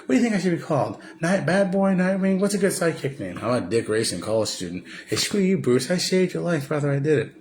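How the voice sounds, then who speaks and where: A man voicing a hotheaded young male sidekick hero in a high, strained voice, mocking the lines as he retells them. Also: sing-song, quick pace, hardly any pauses, a little mellow, a little hiss or hum. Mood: indignant.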